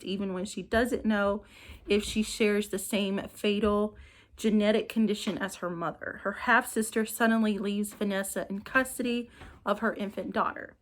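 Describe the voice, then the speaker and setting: A woman talks through a list of upcoming romance novels, summarizing each one. Her pitch sits in a middle range, and she reads in an even, easy way, now and then stumbling and correcting herself. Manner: reads summaries evenly with small restarts. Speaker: book reviewer. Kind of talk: reading book blurbs to camera.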